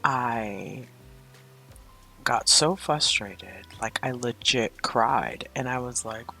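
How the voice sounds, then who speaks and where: A woman's voice: very deep voice, slow, sharp tone, soft background music. A woman hosting a spiritual coaching podcast, talking in a candid, chatty, confessional way. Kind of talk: casual spiritual podcast monologue.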